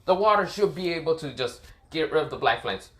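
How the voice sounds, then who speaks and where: A man's voice: on the high side, animated, brisk, fairly bright tone. A young man casually narrating a fan story, rambling with swearing and frequent restarts.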